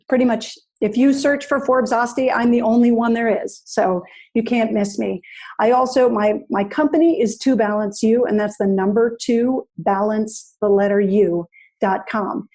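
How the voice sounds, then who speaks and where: A woman's voice: a little high, a little mellow. A woman in her fifties, a podcast guest, talking in a thoughtful, casual way and often restarting her phrases. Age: 50s. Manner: thoughtful, restarts phrases, spells things out slowly. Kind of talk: casual interview chat.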